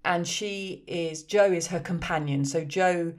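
A woman's voice: lowish voice, a little slow. A woman co-hosting a casual film podcast, eagerly recounting the story and defending it with laughter. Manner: enthusiastic, patiently explaining with laughter. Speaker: podcast co-host. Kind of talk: casual chat.

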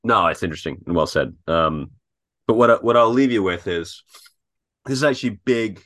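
A man with a very low voice co-hosts a coaching podcast. He talks bluntly and jokes around, dropping casual swear words as he chats. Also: lively intonation, normal speed, a bit bright. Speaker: tennis coach, podcast co-host. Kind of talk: casual chat.

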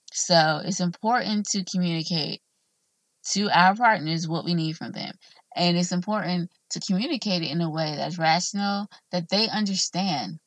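A woman's voice: fairly low pitch, dry recording. A woman hosting a solo talk, giving relationship advice in an earnest, encouraging, conversational way.

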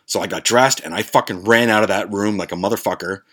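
A man's voice: lowish voice, fast, fairly bright tone. A man hosting a podcast, telling a story casually in a profane, rambling way with lots of restarts. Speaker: podcast host.

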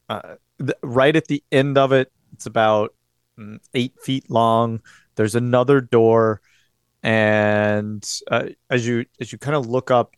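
A man running a tabletop game as game master, describing scenes in a casual, halting way. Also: fairly low pitch, clear, resonant tone, no room sound, studio quality.

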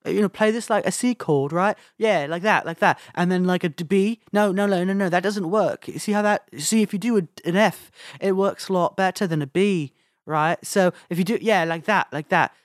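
A man's voice: high voice, no room sound, clean studio sound, voice pushed up, close to an everyday voice. A man putting on an eager rock musician. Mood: coaxing. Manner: quick, eager, coaxing, lots of fillers. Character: fast, agreeable male rock musician giving chord advice.

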